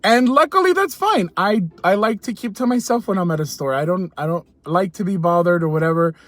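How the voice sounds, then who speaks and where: A man's voice: sits high, animated, brisk, fairly bright tone. A man telling a personal story casually to camera in a chatty way, laughing often and repeating himself.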